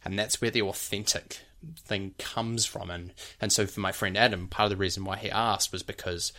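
A young adult man with a somewhat low voice co-hosts a relaxed podcast. He talks at length in an easy, rambling way, leaning on "like" and "you know" as he explains. He often stops to sound out examples. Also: moderate pace. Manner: breaks off to demonstrate accent sounds. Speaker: podcast co-host, actor. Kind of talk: casual podcast chat.

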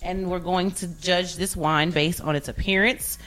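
Brief: lower-voiced woman, sassy teasing co-host. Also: steady tone, a little slow, fairly bright tone. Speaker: podcast co-host. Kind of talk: casual chat.

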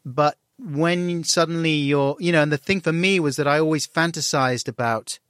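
Middle-aged guest, candid and wry, lively when he quotes people, recorded dry. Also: a little high, moderate pace, clear, resonant tone, no room sound. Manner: self-deprecating, animated when acting out dialogue. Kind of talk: candid conversational storytelling.

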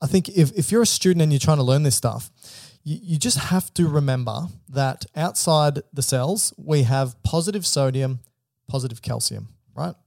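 A man's voice: fairly high pitch, moderate pace, creaky, few pauses, a little mellow, no echo, clean studio sound. A man co-hosting an educational podcast, explaining heart physiology step by step and checking in with the listener. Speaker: podcast co-host.

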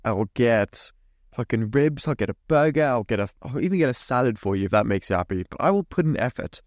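A man's voice: medium pitch, lively intonation, fast, no echo, studio quality. A young man hosting a podcast, ranting in a sweary, mock-indignant way. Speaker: podcast host. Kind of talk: solo podcast rant.

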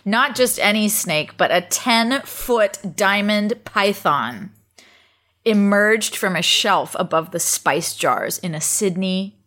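A woman's voice: medium pitch, lively intonation, slow pace, a bit bright. A woman co-hosting a podcast in casual chat, teasing her co-host and laughing easily as she reads out odd news.

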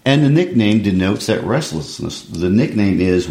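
A man with a very low voice discusses a stage play in a lesson. He speaks in a measured, explanatory way, and the recording has a noticeable room echo. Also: animated, gravelly, darkish tone. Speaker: literature teacher. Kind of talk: discussing and reading a play aloud. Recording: echoey room.

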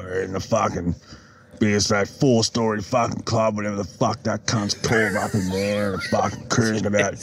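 A man's voice: low-pitched, dry recording. A man calling in with a rowdy, profane story. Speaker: caller leaving a voice message. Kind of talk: casual anecdote.

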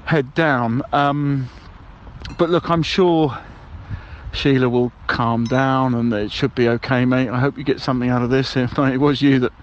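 A man's voice: medium pitch, fairly even intonation, moderate pace, highs cut off, a little hiss or hum. A man leaving rambling, cheerful voicemails as a balloon ride passenger, with many hesitations. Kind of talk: comic voicemail monologue.

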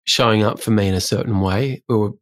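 A man's voice: on the low side, fast. A man co-hosting a podcast, telling stories in a casual, self-deprecating way. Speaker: podcast co-host. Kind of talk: casual conversation.

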